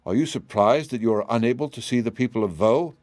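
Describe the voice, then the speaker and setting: A man reading an audiobook, voicing an invisible woman who speaks softly and curiously. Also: mid-range voice, fast, dry recording, close to an everyday voice. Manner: soft, curious. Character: invisible soft-spoken woman, curious and kindly.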